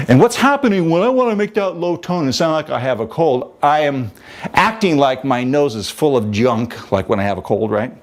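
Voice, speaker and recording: A man's voice: a little high, animated, moderate pace. A man teaching as a vocal coach, talking in a conversational, demonstrative way. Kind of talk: instructional talk with vocal demonstrations.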